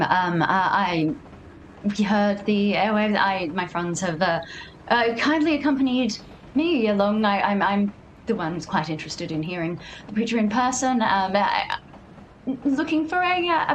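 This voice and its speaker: A woman playing a shy, halting traveler. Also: mid-range voice, expressive, slight background noise, close to an everyday voice, poor audio. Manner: hesitant, halting, many fillers. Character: polite, shy woman seeking a preacher.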